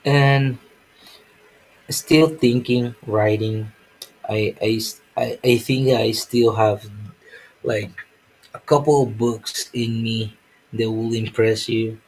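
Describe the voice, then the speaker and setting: Slow, husky man rambling on a stream. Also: medium pitch, steady tone, darkish tone, low-quality recording. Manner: rambling, profane, self-mocking. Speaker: comic artist. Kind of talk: casual live-stream chat.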